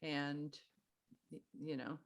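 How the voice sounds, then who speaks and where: A middle-aged woman giving parenting advice in casual conversation, animated and acting out what parents and kids say. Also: low-pitched, slow pace. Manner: animated, acts out parent and child lines in a sing-song voice. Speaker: parenting expert guest.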